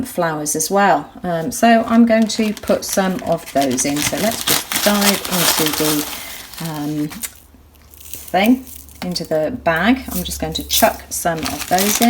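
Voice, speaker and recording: A woman narrating a craft project in her home kitchen, chatty and full of ums, gushing with excitement as she works. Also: fairly low pitch, slight background noise, rough recording. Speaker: crafts vlogger. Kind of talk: casual how-to narration.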